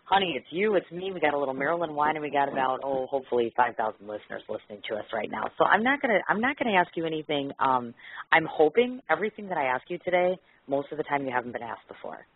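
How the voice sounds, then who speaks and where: A man's voice: a little high, animated, fast, a little hiss or hum. A man hosting a radio interview show, talking in a gushing, effusive way with many fillers. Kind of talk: excitable radio interview chat. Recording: lo-fi phone-like radio audio.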